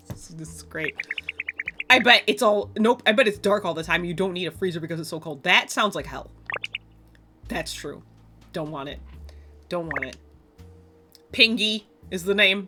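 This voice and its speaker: A woman's voice: on the low side, expressive, normal speed, pauses often. A woman casually commenting on a game she plays, chatty and rambling off on tangents. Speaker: gaming streamer. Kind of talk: casual let's play commentary. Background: game music.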